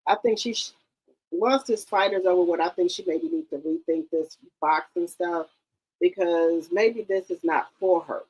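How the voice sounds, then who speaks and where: A woman hosting a casual gossip commentary channel, animated and opinionated, often exclaiming as she reacts. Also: low voice, measured pace, rough recording.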